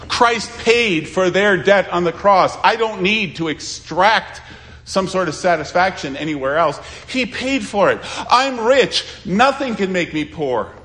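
A man preaching a sermon as a pastor, pleading and swinging between loud appeals and hushed asides. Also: high voice, lively intonation, unhurried.

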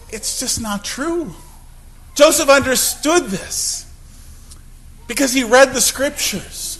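A man preaching a sermon from the pulpit, swinging from loud declarations to hushed, low passages. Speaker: pastor.

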